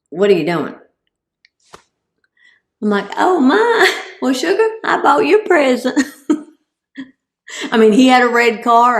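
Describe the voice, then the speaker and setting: A woman's voice: fairly high pitch, reverberant. A woman giving a humorous, self-deprecating talk as a guest speaker and cancer survivor. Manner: comic, self-deprecating delivery.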